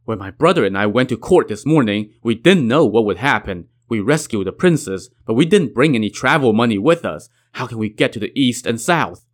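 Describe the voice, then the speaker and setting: A man's voice: mid-range voice, animated, brisk, close to an everyday voice. A man reading the lines of a retainer who worries about having no travel money. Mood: worried.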